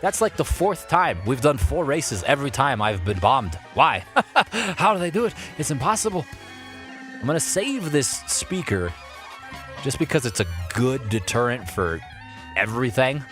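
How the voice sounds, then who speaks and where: A man giving live commentary over his kart racing stream, playful and excitable as he chats with viewers. His pitch leaps and dips all over as he reacts. Game music plays faintly behind him. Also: normal speed.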